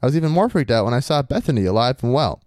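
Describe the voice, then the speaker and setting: A man's voice: mid-range voice, big pitch swings, very fast, darkish tone, dry recording, studio quality. A man hosting a podcast, reading a listener's story aloud in a swaggering, crude bro persona. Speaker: podcast host.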